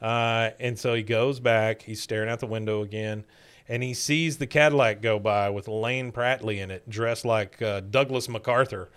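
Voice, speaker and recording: A man's voice: fairly low pitch, fairly even intonation, moderate pace, fairly bright tone, smooth. Podcast host, male, clean resonant voice, easygoing scene-by-scene recap. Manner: retells scenes, briefly mimicking characters' lines. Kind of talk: casual episode recap.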